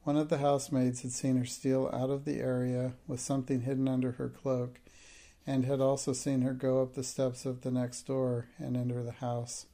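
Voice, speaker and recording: A man narrating a classic novel as an audiobook in a measured, even manner. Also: mid-range voice.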